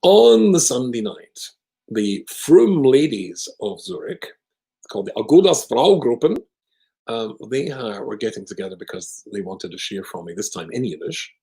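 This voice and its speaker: A rabbi telling a humorous story with wry, self-deprecating jokes. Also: male voice, medium pitch, sing-song, normal speed, mellow, poor audio. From Scotland. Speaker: rabbi, guest speaker.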